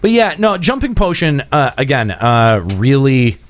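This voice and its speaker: A man's voice: medium pitch, unhurried. A man hosting a call-in gaming radio show, talking casually with many "uh"s and restarts. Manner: animated, restarts often, hedging with "uh". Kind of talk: casual podcast talk.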